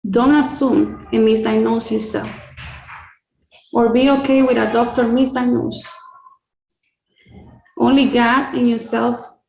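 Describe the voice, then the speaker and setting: Slow, earnest woman with gravelly edge. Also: fairly high pitch, steady tone, darkish tone, reverberant, rough recording. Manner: earnest, slow and deliberate, list-like phrasing. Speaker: cancer survivor sharing her story. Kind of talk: heartfelt personal testimony. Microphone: video call.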